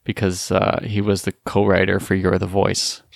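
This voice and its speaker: Casting: male podcast co-host, low gravelly voice, close and dry mic, relaxed lead. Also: normal speed, dry recording. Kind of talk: casual music podcast chat.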